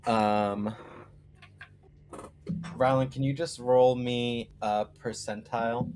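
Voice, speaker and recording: Man, game master, casual tabletop narration, easygoing, mid-pitched. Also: slow pace, slight background noise. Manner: relaxed, loose narration with fillers.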